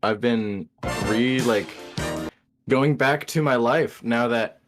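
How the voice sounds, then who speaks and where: A man's voice: mid-range voice, slow, music in the background. A man calling in, talking in a laid-back, hesitant way. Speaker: caller.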